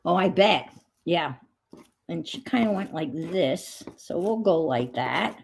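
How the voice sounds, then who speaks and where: A woman's voice: on the low side, slow, vocal fry, slight background noise. A woman hosting a craft video, chatting casually and rambling as she works. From moved to the southern US. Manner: rambling, relaxed, thinking aloud while crafting.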